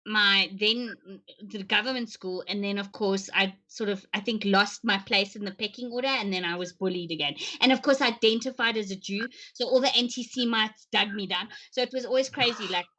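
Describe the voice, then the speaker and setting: Bright, chatty woman host. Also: mid-range voice, a little fast, hardly any pauses. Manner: chatty, interjecting, opinionated. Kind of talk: casual interview chat.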